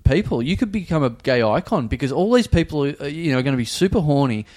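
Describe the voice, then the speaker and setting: A man's voice: fairly high pitch, expressive, fast, a little mellow. A man co-hosting a podcast, telling a rambling, wry story in casual banter. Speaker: podcast co-host.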